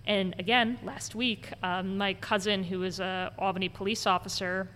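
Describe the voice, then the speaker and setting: At normal speed and medium pitch, a woman who gives ghost tours narrates in an interview, animatedly impersonating the people she quotes. There's a long reverb tail and faint background noise in the recording.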